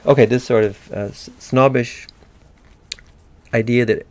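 An American man giving a recorded university literature lecture in a digressive, halting way with many fillers. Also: mid-range voice, steady tone, a little mellow.

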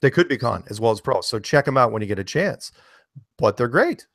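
A man's voice: medium pitch, big pitch swings, fairly quick, a bit bright. A man co-hosting a casual live-stream chat, rambling while he searches his screen. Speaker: co-host.

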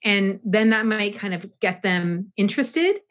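A woman guest on a yoga podcast, speaking reflectively in an interview and often pausing to find her words. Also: medium pitch, lively intonation, fairly bright tone. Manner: reflective, searching for words, frequent restarts.

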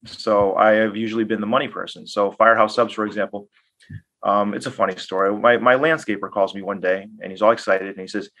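Man, low voice, podcast guest, casual storytelling, mimics others in his anecdotes. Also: a little fast. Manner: animated anecdotes, acts out quoted dialogue. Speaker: guest business owner and investor.

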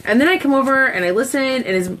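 A woman's voice: high-pitched, lively intonation, fast talker, fairly bright tone, slight background noise, rough recording. A talkative woman hosting a live sales stream, telling stories in a casual, chatty way. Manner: talkative, storytelling, giggly asides.

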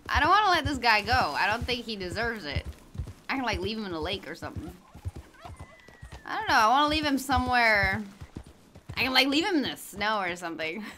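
A woman's voice: fairly high pitch, sharp tone, a little hiss or hum. A woman streaming a game in casual chat, greeting viewers by name and laughing often. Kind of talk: casual livestream chat while gaming.

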